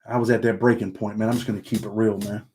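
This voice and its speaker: A man's voice: fairly low pitch, level tone, fast, a little mellow. Laid-back man with a Southern country twang. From upstate New York. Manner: ends sentences with "man". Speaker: livestream host reading chat. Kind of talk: casual livestream chat.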